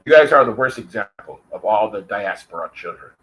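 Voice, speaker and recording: A man's voice: fairly low pitch, expressive, a little fast, fairly bright tone, low-quality recording. An American man delivering an angry, profane vlog rant, taunting and calling out his target directly. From United States. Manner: profane and confrontational. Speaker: vlogger.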